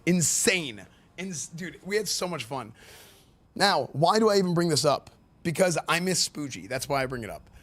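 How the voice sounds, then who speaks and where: A male streamer giving excitable, rambling live commentary, full of fillers and repeated words. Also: fairly high pitch, moderate pace. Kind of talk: live-stream commentary reacting to game questions.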